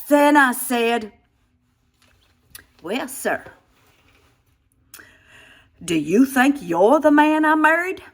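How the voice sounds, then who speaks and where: A woman's voice: fairly high pitch, a bit bright. A woman in her sixties venting in a rambling comic monologue, exasperated, with frequent sighs and restarts. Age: 60s. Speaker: comedic vlogger playing a satire version of herself.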